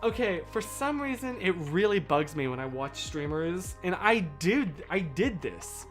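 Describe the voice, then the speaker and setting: A man chatting casually on a livestream, rambling and cutting himself off, on a boom mic kept out of shot. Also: measured pace, faint music behind. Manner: rambling, animated, self-interrupting.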